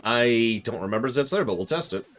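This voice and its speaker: A man's voice: mid-range voice, expressive, fairly quick, over music. A man streaming a video game in casual commentary, rambling, breaking off mid-sentence and answering chat.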